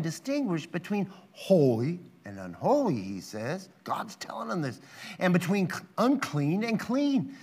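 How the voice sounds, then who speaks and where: Animated, high-pitched preaching man. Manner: emphatic preaching, reads scripture aloud, rhetorical questions; dramatizes quotes with sudden loud rises. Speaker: pastor. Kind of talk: sermon.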